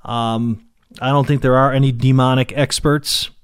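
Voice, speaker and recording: With fairly even intonation at medium pitch and normal speed, a man reads passages from the Bible and explains each one simply, stumbling into restarts and fillers. He's clearly in pain. His tone is clean, with no room sound and a clean studio quality.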